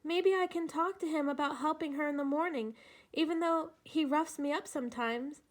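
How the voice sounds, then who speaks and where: A woman's voice: high-pitched, moderate pace, voice pushed up, lightly acted. A woman reading aloud and voicing a timid, frightened young girl who talks in a pleading, apologetic, tearful way.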